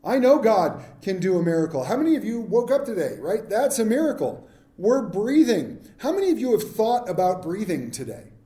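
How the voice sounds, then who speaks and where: A man's voice: high-pitched, very animated, moderate pace, mellow. Joking man preaching in an echoey room. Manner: humorous, conversational, asks the congregation questions. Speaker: pastor. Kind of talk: sermon.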